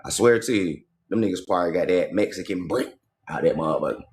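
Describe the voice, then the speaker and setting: Low-voiced man riffing on a livestream. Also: quick pace. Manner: streetwise slang and profanity, repeats points for emphasis. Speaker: livestream host. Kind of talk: casual livestream talk, reading passages aloud and commenting.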